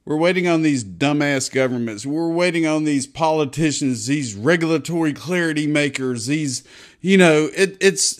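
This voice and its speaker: A man in his fifties from Texas, hosting a casual crypto commentary video in a blunt, profane, talkative way. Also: mid-range voice. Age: 50s. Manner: blunt, profane, chatty with swings of loudness. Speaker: crypto show host.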